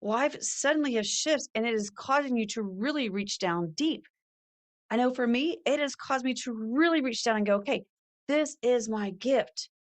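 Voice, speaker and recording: A woman's voice: fairly high pitch, moderate pace. A middle-aged woman hosting a faith-based podcast, talking earnestly and reading scripture aloud. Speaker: podcast host. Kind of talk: faith-based motivational talk.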